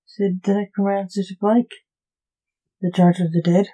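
A woman hosting a podcast, telling gothic fiction in a measured, theatrical narration. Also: mid-range voice, little pitch movement, dark tone, poor audio. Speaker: podcast host and storyteller.

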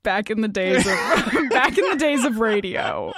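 A woman's voice: mid-range voice, expressive, measured pace, a bit bright, dry recording. A young adult woman hosting a podcast in casual chat, giggly and rambling with lots of "like," on a studio mic. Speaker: podcast host.

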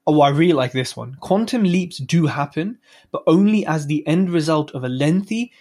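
A man's voice: a little high, darkish tone. A man hosting a podcast, giving a casual, chatty solo book review with offhand swearing and self-mocking asides. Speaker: podcast host.

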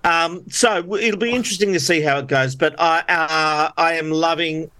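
A man co-hosting a podcast, talking casually about the shows he watches. His voice sits a little high, and he laughs easily, trailing off and restarting as he goes. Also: moderate pace, sharp tone, clean tone. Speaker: podcast host.

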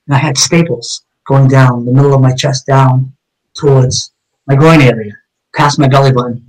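A man's voice: medium pitch, a little mellow, low-quality recording. A man as an interview guest, earnestly telling a personal story and acting out the quoted dialogue as he goes.

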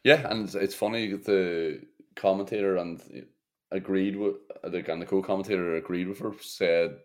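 A man's voice: sits low, fairly even intonation, moderate pace. A man co-hosting a football podcast, chatting bluntly with swearing and laughs. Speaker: podcast co-host. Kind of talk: casual football chat.

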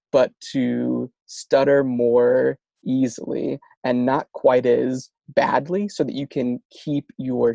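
Gravelly and dark in tone, a man's mid-range voice explains speech therapy techniques during an interview. He stutters throughout, with many sound repetitions and restarts, in a conversational manner, and the audio has no echo.

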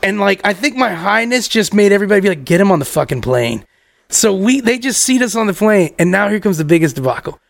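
A young man spins a wild story in casual talk, his voice high and gravelly with plenty of fry. He swears freely and laughs as he goes, and the sound is dry and close, with no room echo. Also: fast talker, hardly any pauses. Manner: animated, profane, laughs through the story. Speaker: podcast co-host telling a story.

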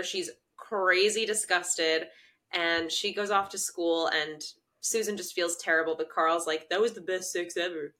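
Bright woman co-hosting a recap podcast. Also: medium pitch. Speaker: podcast co-host. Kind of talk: casual recap chat.

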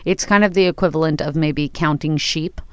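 A woman's voice: deep voice, brisk, a crowd in the background. A woman co-hosting a casual podcast, explaining things and teasing her guest with jokey banter. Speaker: podcast co-host.

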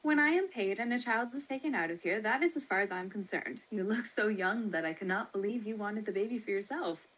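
A woman voicing a complacent, businesslike woman baby trader, reading quickly from a historical article. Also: medium pitch, expressive, a bit bright, low-quality recording. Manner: brisk, matter-of-fact reading.

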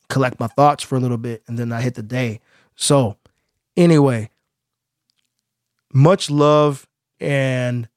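A man's voice: medium pitch, no echo, studio quality. Casual man telling a story on a podcast. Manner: animated storyteller, laughs easily. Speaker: podcast co-host.

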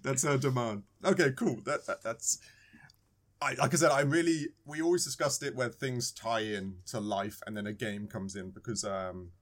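A man's voice: mid-range voice, normal speed, fairly bright tone. A British man co-hosting a gaming podcast, chatting casually and repeating himself, tagging on "right?". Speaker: podcast co-host. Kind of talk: casual chat.

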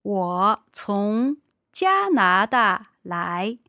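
A woman's voice: mid-range voice, very animated, drawn-out words, bright, forceful tone, no room sound, clean studio sound. A native Mandarin-speaking woman co-hosting a language lesson, giving careful model pronunciations. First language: Mandarin Chinese.

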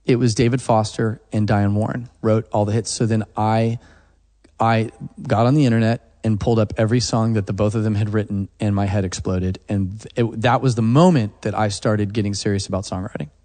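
A songwriter from Oklahoma, guesting in a casual interview, tells stories as an animated storyteller and acts out what people said to him. His voice is fairly low in pitch and he talks a little fast.

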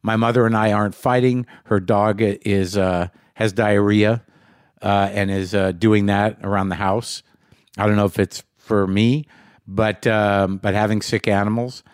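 A man's voice: lowish voice, level tone, smooth, no echo, clean studio sound. A man hosting a podcast in a rambling, profane monologue, punchy and short on sleep. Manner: rambling, rapid-fire questions, profane. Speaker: podcast host. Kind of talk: casual monologue.

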